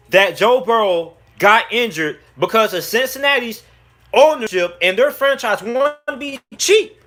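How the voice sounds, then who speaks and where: A man's voice: very high voice, animated, measured pace, fairly bright tone. A man giving a heated, angry rant about football on his sports channel, repeating his points. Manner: angry, heated, repetitive ranting. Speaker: sports YouTuber. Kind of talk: ranting sports commentary.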